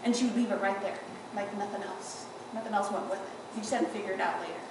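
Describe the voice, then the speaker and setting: A woman, an adult granddaughter, talks quickly in a mid-range voice while eulogizing her grandmother at a church funeral. Her stories are funny and fond, told with tears and frequent laughter. Background noise is present, and the recording sounds distant and echoey in the large room.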